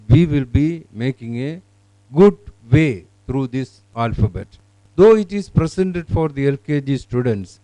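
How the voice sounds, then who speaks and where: A man with an Indian English accent walks through a software demo, explaining as he goes with fillers and the odd grammar slip. His voice is mellow and unhurried, recorded dry and close. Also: medium pitch, no echo, low-quality recording. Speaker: company presenter. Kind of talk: product demonstration.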